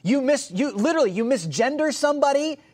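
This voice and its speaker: A young man hosting a political commentary show, talking emphatically with sarcastic bursts that rise loud. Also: very high voice, expressive, fast talker.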